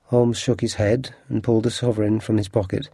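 A man narrating an audiobook with a steady, clear scripted reading. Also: fairly low pitch, fairly quick, dry recording, clean studio sound.

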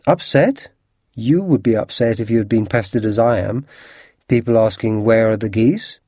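Guy doing a hot-headed goose seller, loud and pushy, working-class talk, dry sound. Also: a little high, measured pace, no room sound, voice pushed up. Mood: indignant. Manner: blustering, indignant, working-class grammar. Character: gruff cockney male goose seller, quick-tempered.

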